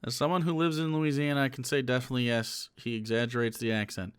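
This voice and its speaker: A man's voice: medium pitch, steady tone, fast, clean tone, no echo, studio quality. A man streaming live, reacting to a clip with sarcastic, laughing commentary and casual swearing.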